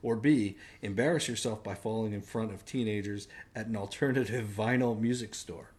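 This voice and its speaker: A man's voice: fairly low pitch, normal speed, a little mellow. A man hosting a casual podcast chat, putting questions to the others and laughing often. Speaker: podcast host.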